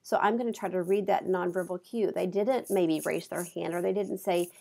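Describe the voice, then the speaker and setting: Gravelly lady teacher, kinda stuffy w allergies, dark mellow tone, chatty lecture into a clip mic. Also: fairly low pitch, steady tone, normal speed. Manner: conversational, with examples and fillers. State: congested from allergies. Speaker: college instructor. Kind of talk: recorded lecture. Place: office.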